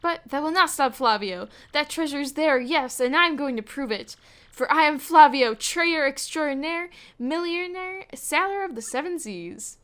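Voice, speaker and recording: A woman's voice: sits high, expressive, moderate pace, fairly bright tone, pitched above the performer's own voice. A woman voicing a flamboyant, vain male merchant trader from a video game, with grand, theatrical delivery. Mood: boastful. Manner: grandiose, theatrical, dramatic exclamations. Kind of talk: reading game dialogue aloud.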